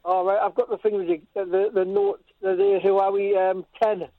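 High quick guy calling in on a tinny phone, gravelly. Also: sing-song, no echo. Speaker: caller. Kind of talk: phone-in call. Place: in bed at home.

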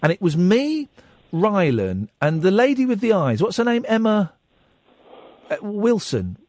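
A man in his forties hosts a late-night radio show, his pitch leaping about as he rambles along wryly and pokes fun at himself. The studio sound is close and dry. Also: wildly swooping pitch, a little slow, a little mellow, dry recording. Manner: wry, rambling, self-mocking. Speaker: radio talk show host.

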